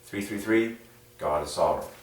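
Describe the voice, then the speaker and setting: A man rambling through a casual monologue as a religious numerology video host, excitable, with many fillers and sudden jumps in pitch. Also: moderate pace, a little hiss or hum. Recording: very echoey room, far from mic.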